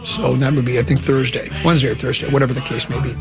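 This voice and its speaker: A man's voice: mid-range voice, fairly even intonation, rapid-fire, over music. A man hosting a sports radio show, talking casually and rambling with restarts and dry self-mocking asides, from a studio microphone.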